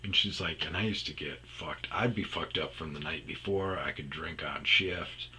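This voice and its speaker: A man's voice: extremely low pitch, normal speed, bright, forceful tone, slight background noise, rough recording. A man telling rambling, profane comedic stories about his past on a podcast. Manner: rambling, profane, slips into impressions. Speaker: podcast storyteller. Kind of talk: casual comedic storytelling.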